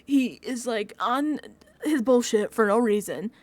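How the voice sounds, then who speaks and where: A woman vlogger rants through a reality-show recap in a slightly high voice. She is exasperated and animated and laughs between her complaints. The sound is dry and close, with no room echo. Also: unhurried. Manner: exasperated, animated ranting with frequent laughs and mimicked quotes; chatty, many fillers like "like".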